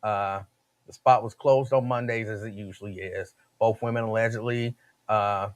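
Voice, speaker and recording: A man hosting a talk radio show, telling stories in an animated, slangy way. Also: lowish voice, normal speed.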